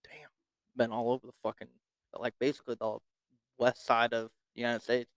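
A man's voice: medium pitch, level tone, fairly bright tone, no room sound. A man hosting a podcast, asking a guest questions in casual chat and reacting with plenty of swearing. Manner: profane, laid-back, quick reactions. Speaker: podcast host.

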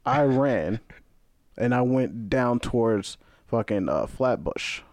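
A man's voice: mid-range voice, slow, no room sound. A young man, a podcast guest telling a story in casual chat, swearing freely and acting out what people said. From Brooklyn, New York. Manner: animated, profane, acts out quoted voices.

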